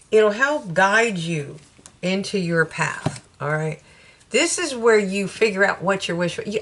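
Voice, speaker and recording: A woman's voice: medium pitch, fairly bright tone. A woman with a Southern US accent giving a casual tarot reading, chatty, laughing often and breaking off her own sentences. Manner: chatty, laughing, self-interrupting. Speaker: tarot reader.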